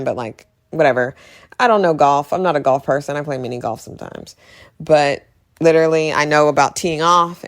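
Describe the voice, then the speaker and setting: A low-pitched woman talks through a film she loves in a loose, opinionated recap. Her speech is chatty and full of fillers like "like" and "literally." She sounds casual and unscripted. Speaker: movie reviewer.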